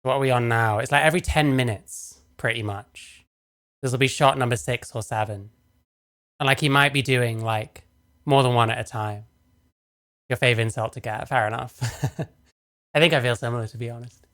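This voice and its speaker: A woman's voice: extremely low pitch, moderate pace, a bit bright. A woman streamer casually reacting to clips, sarcastic and swearing, laughing often.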